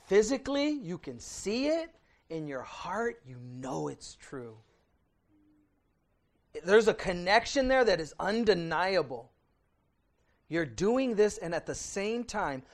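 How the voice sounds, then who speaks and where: A middle-aged man preaching a midweek sermon and reading scripture aloud, conversational, often asking his congregation "right?", swinging between loud emphasis and quiet intensity. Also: high-pitched. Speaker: pastor.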